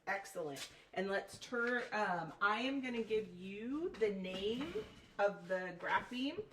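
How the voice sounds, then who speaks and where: Woman, teacher, phonics lesson, deliberate, echoey room, distant mic. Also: medium pitch, expressive, a bit bright. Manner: slow, deliberate, spells out letters. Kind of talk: phonics lesson, step-by-step instruction. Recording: echoey room from far off, faint noise.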